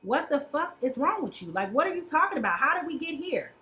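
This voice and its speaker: A woman briefly takes on an overwhelmed, irritated man who waves off his partner's complaints. The delivery is high and sharp, with quick, dismissive lines. He sounds too busy to argue. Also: very animated, full character voice. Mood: exasperated.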